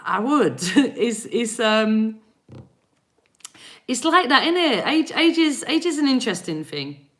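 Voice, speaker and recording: She talks slowly but very animatedly, her voice a little high. This is a woman from England in her forties, with an English accent, giving live energy readings and laughing often as she chats with her stream's viewers.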